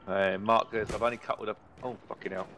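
A man's voice: lowish voice, fairly even intonation, fast, a bit bright, slight background noise. A man streaming a game, chatting casually, swearing often and reading out viewer comments. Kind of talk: casual gaming stream chat.

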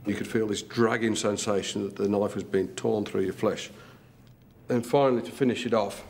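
A man's voice: lowish voice, steady tone, moderate pace, vocal fry, a little mellow. A man recounting a stabbing in documentary testimony, plain and blunt with casual fillers.

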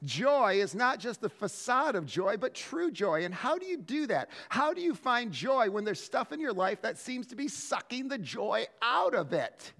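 A man preaching a sermon as pastor, telling stories in an animated way and often restarting his words. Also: very high voice, normal speed, creaky, hardly any pauses, big-room sound. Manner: animated storytelling with frequent word restarts.

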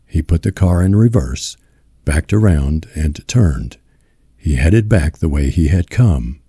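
A man with a deep voice narrating a novel as an audiobook in a slow, measured reading. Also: animated, warm tone, breathy edge, no echo, studio quality. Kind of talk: scripted narration.

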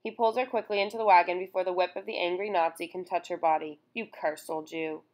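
A woman reading a first-person memoir aloud in a solemn, measured way. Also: lowish voice, darkish tone. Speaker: audiobook narrator.

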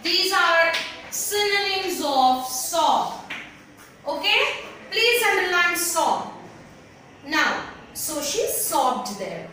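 A woman teaches an online class at an unhurried pace, with a high, bright voice. She repeats key words patiently and tells students what to underline. She sits away from the mic in a very echoey room with a faint hiss behind her. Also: very animated, recorded from a distance. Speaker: English teacher. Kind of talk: online class lesson explaining a story.

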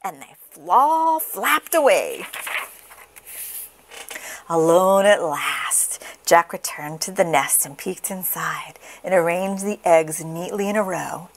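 Woman doing a kids storybook read-aloud, slow and sing-songy, lots of ups and downs. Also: fairly low pitch, a little hiss or hum. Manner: slow, expressive, sing-song reading. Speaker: storybook reader. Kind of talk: children's picture book read-aloud.

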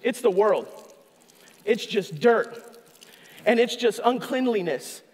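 High-voiced pastor preaching in an echoing hall. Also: male voice, slow pace. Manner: animated preaching, voices a tempter mockingly, shouts for emphasis. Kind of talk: sermon. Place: church sanctuary. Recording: long echo of a church hall.

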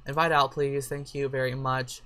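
A woman chatting through a life-sim game with a sore throat and a headache, excitable and swearing freely at her characters. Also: extremely low pitch, moderate pace. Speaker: let's play gamer. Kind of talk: casual gameplay commentary.

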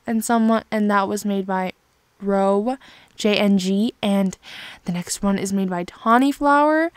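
Gushing woman with a higher voice. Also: slow, dry recording. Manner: gushing and sentimental, with frequent sighs. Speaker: channel host reacting to fan art. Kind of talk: casual chat.

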